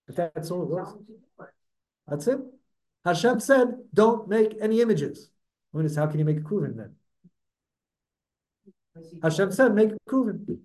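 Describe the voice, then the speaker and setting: A man with a notably high voice gives a Torah class, speaking. He lectures in an animated way, stalling on repeated words before pressing his point. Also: rough recording. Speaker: Torah teacher.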